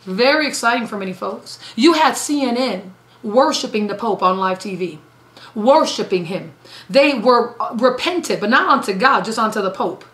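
Woman evangelist, fairly high voice, emphatic sermon, echoey room. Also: lively intonation, moderate pace, a bit bright. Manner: emphatic, repeats phrases for stress. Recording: roomy echo.

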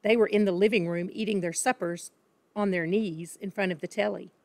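A woman reads a children's story aloud, calm and expressive, at a middling pitch. The recording is close and dry, with no room sound. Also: brisk, dry recording. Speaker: reader. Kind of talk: storybook narration.

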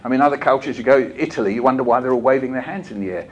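An older man giving a lively, jokey storytelling talk to a hall of teachers, acting out bits as he goes. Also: medium pitch, rapid-fire. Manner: lively, jokey, acts out voices and poems. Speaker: children's author giving a talk. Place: conference hall.

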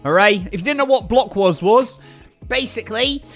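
A young man chatting on a live stream, excitable and hyped, often repeating himself. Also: high voice, normal speed, faint music behind. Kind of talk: casual live-stream chat.

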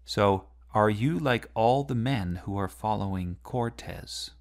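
A man's voice: fairly low pitch, a little slow, creaky. A man teaching literature, explaining a poem line by line and asking the listener rhetorical questions.

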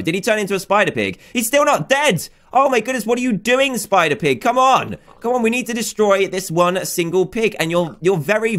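A young man hosting a gaming channel, giving excitable commentary with frequent exclamations. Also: a little high. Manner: animated, exclaiming, laughing often.

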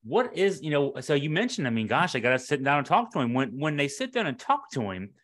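A man's voice: a little high, sing-song, fairly quick, a bit bright. A man hosting an interview, asking loose, conversational questions and correcting himself as he goes. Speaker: podcast host. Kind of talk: casual interview chat.

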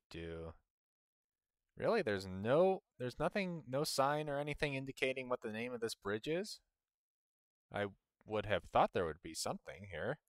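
Casual gameplay commentary comes from a man in the United States with a lowish, smooth, slightly bright voice. He complains about the game and laughs at himself frequently, and the clean studio recording has no room sound.

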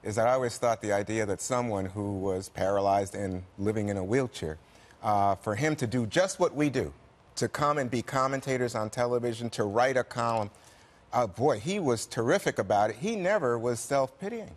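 Man, panel host, conversational, mid-pitched voice. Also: normal speed. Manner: conversational, passes questions to others. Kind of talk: panel talk show chat.

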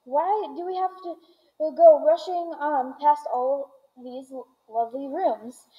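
A woman's voice: sits high, fairly even intonation, slow, dark tone, dull audio, pitched above the performer's own voice. A woman reading aloud voices a spoiled, impatient young girl with a whiny, demanding tone.

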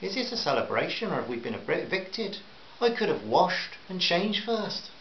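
A man's voice: high-pitched, big pitch swings, moderate pace, voice pushed up. A man voicing a cheeky, teasing Northern Irish wife with a lilting voice, in a roomy, slightly dull recording with faint hiss.

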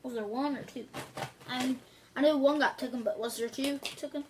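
A woman from Staten Island, New York, chatting off to the side and asking lots of quick, curious questions. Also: high voice, steady tone, darkish tone, a little hiss or hum.

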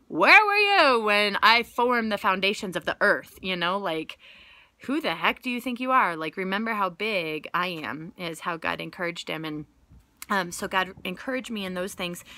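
A woman's voice: mid-range voice, pushed and bright. A young woman giving a casual, earnest devotional talk, conversational and full of "like" fillers. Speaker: Bible teacher and vlogger.

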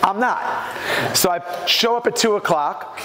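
An animated man from New York delivers a storytelling keynote to a business crowd. His voice sits a little high, and he jumps into the voices of the people in his stories. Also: measured pace, in a large hall, heavy background noise. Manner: animated, acts out quoted voices. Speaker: speaker at a business mastermind.

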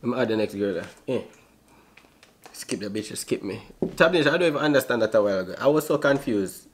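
A man's voice: medium pitch, animated, brisk, a little hiss or hum. Jamaican man in joking video-chat banter. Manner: pushy, joking, slangy patois. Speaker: vlogger. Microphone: video chat app.

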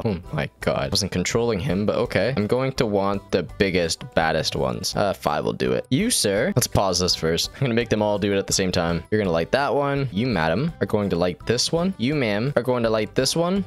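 A man hosting a gaming video, giving excitable, joking commentary with frequent swearing. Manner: excitable, joking, swearing, jumps high when surprised. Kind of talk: gameplay commentary.

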